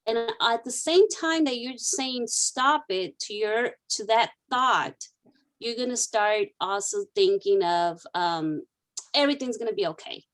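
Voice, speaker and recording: A woman's voice: mid-range voice, expressive, slow, fairly bright tone. A woman counselor guiding a client through a therapy exercise, repeating key phrases as she coaches. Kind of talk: counseling session role-play.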